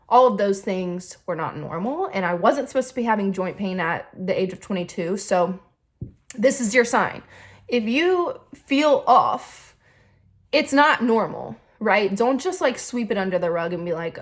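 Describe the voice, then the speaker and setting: A woman, telling a casual storytime vlog from her home kitchen into a phone camera, fast and chatty with many likes and ums. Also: medium pitch. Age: 20s. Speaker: YouTuber. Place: home kitchen, seated by the fridge.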